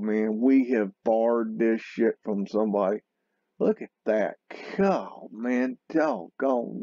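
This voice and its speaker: A man hosting a video, talking loosely and excitedly over photos, often exclaiming and swearing. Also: medium pitch, no room sound, lo-fi sound. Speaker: video host. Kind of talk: rambling commentary over photos.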